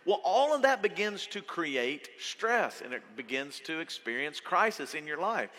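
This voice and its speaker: A man preaching a sermon to his church, conversational and animated as he tells stories. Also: on the high side, moderate pace. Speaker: pastor. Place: church auditorium. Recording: reverberant hall.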